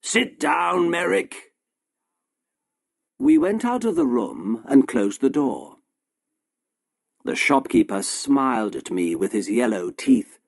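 Male audiobook narrator, gravelly voice, very slow, lively pitch. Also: no room sound, clean studio sound. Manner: slow, simple, deliberate storytelling. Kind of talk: scripted audiobook narration for English learners.

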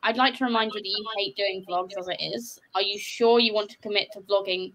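A woman's voice: mid-range voice, fairly even intonation, brisk, a bit bright, slight background noise, poor audio. A woman co-hosting a casual chat over a video call, dry and matter-of-fact.

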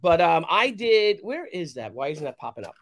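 A man in his fifties, a guest on a casual live talk show, telling animated stories and laughing easily. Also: on the high side, moderate pace. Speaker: guest comic creator.

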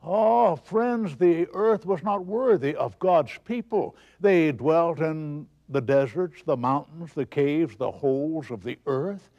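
A man's voice: fairly high pitch, expressive, takes it slowly, few pauses, a little mellow, dull audio. A man preaching a broadcast sermon, asking rhetorical questions and answering them himself with emphasis.

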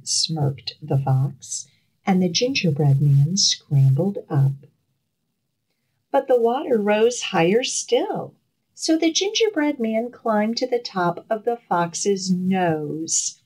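A woman librarian reading a fairy tale aloud and leading children's storytime outdoors, slow and expressive. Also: fairly low pitch, slightly rough, poor audio.

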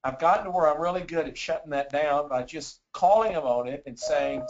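Man, sales presenter, repeats words, gets wound up, slightly high pitch, muffled recording. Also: brisk, few pauses, background noise. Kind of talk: webinar sales talk.

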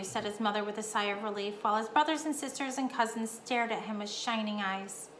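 A woman's voice: medium pitch, fairly quick, few pauses. A woman teacher reading a chapter book aloud to her fourth-grade class. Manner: warm-up questions to the class, lively reading. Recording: echoey room, faint hum.

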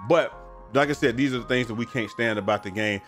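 A man rambling through casual gaming commentary in loose slang, often tacking on "man" and "bro". He sounds tired and keeps yawning, with his voice at an everyday middle pitch. Faint music plays under his talk. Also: fast talker, a bit bright. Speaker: gaming streamer. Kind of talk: casual commentary on viewer messages.

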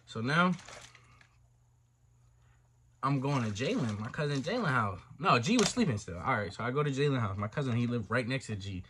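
Animated young man telling a story. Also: mid-range voice, fast, a little hiss or hum. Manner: animated, profane slang-heavy storytelling, voices for other people. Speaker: storytime vlogger. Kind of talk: casual storytime monologue.

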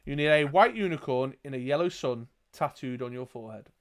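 A man's voice: medium pitch, animated, fairly quick. A man narrating a gamebook as game master, with dry joking asides. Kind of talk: reading and narrating a gamebook playthrough.

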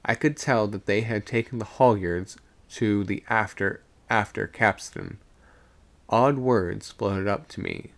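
A man reading a ghost story aloud on a live stream, slow and suspenseful. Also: on the low side, creaky.

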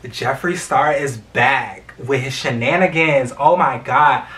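A man's voice: mid-range voice, slow, far from the mic. A young man, talking casually in a vlog with lots of fillers and swearing. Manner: expressive, swears freely, many fillers. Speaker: vlogger. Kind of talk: casual storytime chat.

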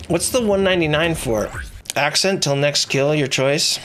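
A man streaming a video game live, talking excitedly and mockingly at himself with his mouth stuffed with marshmallows. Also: fairly high pitch, moderate pace, slight background noise. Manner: muffled speech with marshmallows in mouth. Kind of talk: live gameplay commentary.

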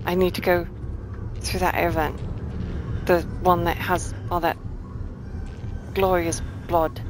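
A woman's voice: lowish voice, flat delivery, slow, noisy background. A woman commentating her horror game playthrough, fretful and playful, muttering to herself. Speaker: let's play gamer.

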